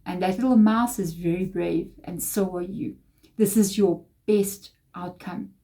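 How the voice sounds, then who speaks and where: A woman's voice: lowish voice, a little slow, warm tone. A woman giving a tarot reading to her viewers, earnest and reassuring, often repeating phrases for emphasis. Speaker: tarot reader.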